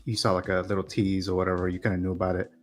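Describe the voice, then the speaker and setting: Hesitant low-voiced male co-host. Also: level tone, very fast, faint music behind. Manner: hesitant, many ums and false starts. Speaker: guest co-host. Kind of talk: casual livestream chat.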